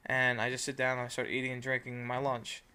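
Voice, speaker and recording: A man's voice: mid-range voice, monotone, fast talker, a crowd in the background. A young man telling a long travel story to his viewers, rambling and swearing, with lots of fillers. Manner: profane, rambling, frequent fillers. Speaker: vlogger. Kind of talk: casual storytelling rant.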